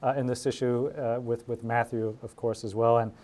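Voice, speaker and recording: Male host, mid-pitched, relaxed and chatty with frequent laughs. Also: normal speed. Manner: easygoing, laughs often, talkative. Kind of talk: casual chat.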